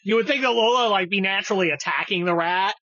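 A man's voice: high voice, quick pace, bright, forceful tone, no echo, highs cut off. A man hosting a podcast in a casual, profane, mocking rant that jumps from topic to topic. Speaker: podcast host. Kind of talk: casual ranting chat.

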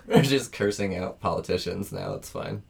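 A man's voice: low voice, expressive, moderate pace, vocal fry, slightly rough. A male podcast host in casual chat who swears freely and laughs often.

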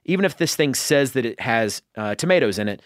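A man's voice: mid-range voice, lively intonation, a little fast, no echo, studio quality. A man, a chef chatting as a podcast guest, rambling through long explanations full of fillers. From Southern United States. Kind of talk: casual conversation.

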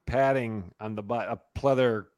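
A man's voice: mid-range voice, normal speed. A man in his thirties telling funny stories about his toddler in a casual chat. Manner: animated storyteller, mimics a toddler's voice in quotes.

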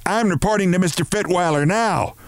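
A man voicing a loud, bossy middle-aged woman who is brash and indignant in a read-aloud story. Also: sing-song, a little slow, no echo. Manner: shrill and imperious.

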